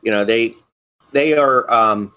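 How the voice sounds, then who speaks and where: Male co-host, easygoing rambling chat, mid pitch. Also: takes it slowly, sharp tone. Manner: rambling, many fillers and restarts. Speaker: podcast co-host. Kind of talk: casual chat.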